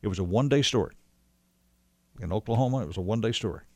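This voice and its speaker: On the low side and talking rapid-fire, a man recalls an old friend in a dry recording. It's relaxed, rambling storytelling from a guest, full of restarts and quoted exchanges.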